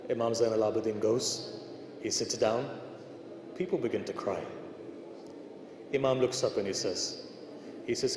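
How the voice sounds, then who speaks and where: Man, preacher, emotional sermon, stories with quoted dialogue, large hall echo, steady background noise. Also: mid-range voice. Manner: addresses listeners directly, retells traditions with quoted dialogue. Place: large indoor shrine hall.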